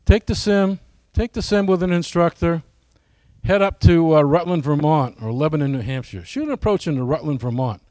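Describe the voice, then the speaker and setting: A man's voice: on the high side, moderate pace, a little mellow, dry recording. A man giving a casual, folksy presentation to his flying club, often asking the audience questions.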